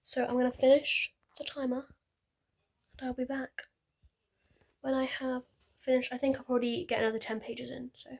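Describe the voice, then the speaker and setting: A young woman chats to camera from her bed, her voice sitting a touch higher than most. She rambles on in a loose, self-interrupting way, talking about her reading. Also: level tone, moderate pace, gravelly, pauses often. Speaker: reading vlogger. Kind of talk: casual chat to camera. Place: at home, sitting on a bed with pillows.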